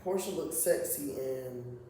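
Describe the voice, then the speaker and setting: Profane, animated man in an echoey room. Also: medium pitch, slow pace, distant mic, a little hiss or hum. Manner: profane, animated, laughs often. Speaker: reality TV reviewer. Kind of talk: casual recap commentary.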